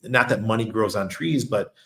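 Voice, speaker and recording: New york guy rambling on his channel, kinda low voice, laughs a lot. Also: normal speed, bright, forceful tone. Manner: chatty storyteller, laughs often. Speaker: crypto channel host. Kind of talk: casual monologue.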